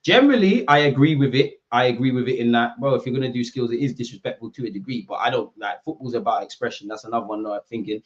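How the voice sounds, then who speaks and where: A young man chats to his stream audience in loose, slangy banter while reacting to a football match. His delivery is animated and conversational. The audio is slightly dull, like a home livestream setup. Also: mid-range voice, quick pace, few pauses. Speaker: football watchalong host. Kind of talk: casual chat to live viewers.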